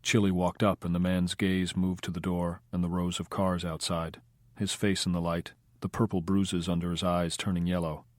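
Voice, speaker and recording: A man narrating a crime audiobook in a steady, understated way. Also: low voice, normal speed, dry recording, studio quality. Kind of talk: scripted narration.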